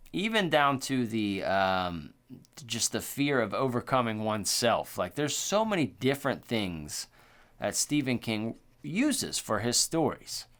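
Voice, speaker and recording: A man co-hosting a horror podcast, talking in a loose, profane, excitable way and filling his speech with "like" and "dude.". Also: on the low side. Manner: animated, profane, full of "like" and "dude". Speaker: podcast co-host. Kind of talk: casual chat.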